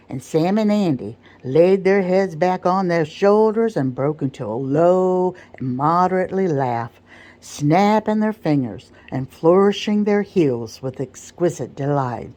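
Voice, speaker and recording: A woman with a low voice reads aloud in a soft-spoken ASMR audiobook style. She keeps a calm, measured and unhurried pace. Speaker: audiobook narrator.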